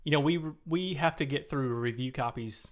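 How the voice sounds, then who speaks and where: A man's voice: medium pitch, moderate pace. A man co-hosting a board game podcast, talking in an easygoing, teasing, casual way. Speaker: podcast co-host. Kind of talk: casual chat.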